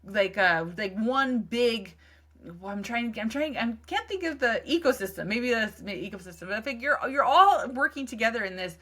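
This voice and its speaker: A woman's voice: on the high side, expressive, normal speed, fairly bright tone. A woman in her thirties hosting a solo parenting podcast, talking in an earnest, conversational way with many fillers and restarts. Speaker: podcast host. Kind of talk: casual solo podcast talk.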